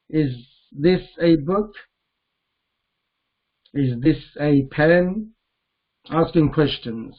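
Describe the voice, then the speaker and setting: A man teaching a grammar lesson, explaining patiently and repeating key points. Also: on the high side. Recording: tinny phone-like audio.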